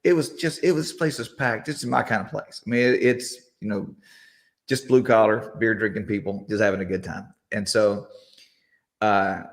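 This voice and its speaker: Man telling a casual story, low voice. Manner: relaxed anecdote with restarts and fillers. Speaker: country singer guest.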